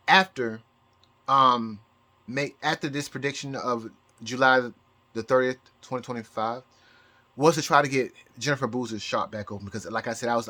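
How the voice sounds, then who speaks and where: A man talking to his channel in a rambling personal monologue, halting and full of restarts, close to tears. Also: medium pitch, bright, forceful tone. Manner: halting, with many repeated words and restarts. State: emotional, near tears. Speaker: astrology YouTuber.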